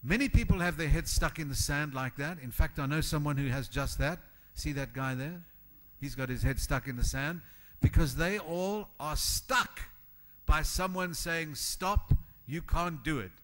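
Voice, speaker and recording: Speaking at normal speed in a fairly high pitch, this keynote speaker energizes a hall full of conference-goers. His delivery is emphatic and lively, and he performs the voices of anyone he quotes.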